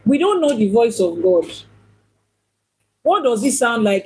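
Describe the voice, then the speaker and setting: A woman's voice: a little high, very animated, normal speed, long pauses, slightly rough, poor audio. A woman, a priestess and teacher, giving a teaching talk on religion. She asks questions, repeats points for emphasis and now and then mimics other people.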